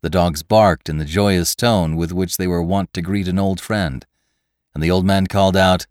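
A man narrating a classic tale for a podcast in measured, expressive storytelling. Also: low-pitched, clear, resonant tone, no echo, clean studio sound.

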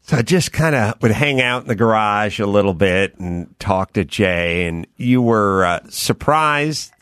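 Lively middle-aged male host. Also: on the low side, measured pace, clean tone, no room sound, clean studio sound. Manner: rambling, self-deprecating, quotes his own thoughts. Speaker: podcast host. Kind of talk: casual storytelling chat.

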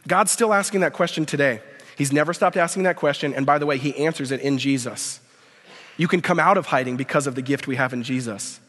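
A man preaching a sermon at a university, full of rhetorical questions, building to emphatic peaks and dropping to a quiet prayer. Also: a little high, fast talker. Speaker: speaker at a university chapel. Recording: long hall reverb.

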